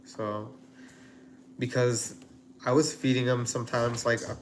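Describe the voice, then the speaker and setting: A man talking at an ordinary pitch as he cooks and chats on a livestream. His talk is loose and rambling, full of fillers and asides. The home kitchen recording carries clear background noise and the crinkle of packaging. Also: level tone, measured pace. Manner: rambling, chatty, many fillers. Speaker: host cooking on a livestream. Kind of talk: casual live-stream chat.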